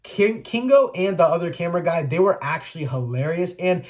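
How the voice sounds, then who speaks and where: A man's voice: a little high, expressive, a little fast, darkish tone. A man giving a casual spoiler review, chatty and full of "like" and restarts. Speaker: movie reviewer.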